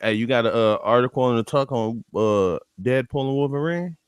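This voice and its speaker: A man's voice: medium pitch, moderate pace, smooth, dry recording, clean studio sound. A man co-hosting a casual talk show, teasing and bantering easily. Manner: teasing, laid-back banter. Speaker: podcast co-host. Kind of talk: casual chat.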